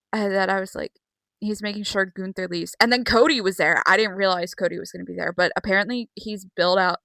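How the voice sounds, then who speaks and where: A girl chatting her way through a casual recap vlog, rambling and excitable, swearing freely and filling pauses with "um." Her voice is bright and forward. The recording is dry and close, with no room sound. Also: on the low side, no echo. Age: young. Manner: rambling, excitable, swears often, many fillers. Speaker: vlogger.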